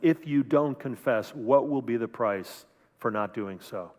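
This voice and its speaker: A man's voice: medium pitch, measured pace, darkish tone, big-room sound. A male pastor giving a conversational sermon, acting out quoted voices with frequent restarts. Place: church sanctuary.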